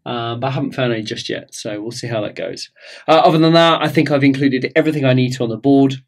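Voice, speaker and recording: A man's voice: medium pitch, quick pace. A man talking casually about a hobby build, thinking aloud and rambling with lots of fillers. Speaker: hobby vlogger.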